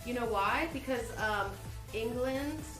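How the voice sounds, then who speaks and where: A woman's voice: a little high, takes it slowly. A woman hosting an online trivia livestream, giggling often as she reads questions and chats. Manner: giggly, laughs often while reading questions. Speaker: trivia host. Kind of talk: casual trivia livestream chat. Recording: roomy echo with faint music.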